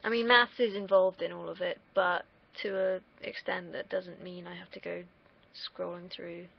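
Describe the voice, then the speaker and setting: Gravelly young woman rambling. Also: on the low side, fairly even intonation, normal speed, dull audio. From United Kingdom. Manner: rambling, wandering off on tangents, casual swearing. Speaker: vlogger. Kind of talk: casual vlog monologue.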